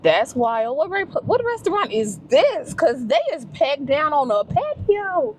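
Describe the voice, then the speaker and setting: A woman's voice: high voice, big pitch swings, unhurried, a little hiss or hum. Chatty woman vlogging alone. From Louisiana, US. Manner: chatty, emotional, talks to herself. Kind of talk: casual solo travel vlog. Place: in a car and a restaurant.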